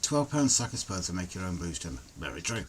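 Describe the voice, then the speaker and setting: A man hosting a relaxed home livestream, chatting casually and greeting viewers by name. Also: low-pitched, fairly quick, slight background noise. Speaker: livestream host. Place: home, indoors.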